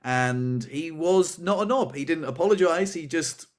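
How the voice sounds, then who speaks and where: A young man co-hosting a podcast, telling a story in a casual, animated way, pitching up when he acts out dramatic moments. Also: unhurried. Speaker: podcast co-host.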